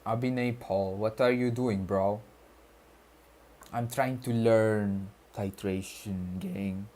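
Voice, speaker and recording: A man with a deliberately put-on Arabic-style accent, casually chatting with viewers on a study livestream and reading chat aloud. His speech is slangy and loose, with swearing and frequent stumbles. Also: on the low side, fairly even intonation, dark tone. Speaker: streamer studying on stream.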